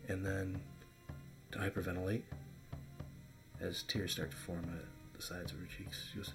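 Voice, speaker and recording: A man narrating as game master of a tabletop game, halting, with many fillers. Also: deep voice, flat delivery, music in the background.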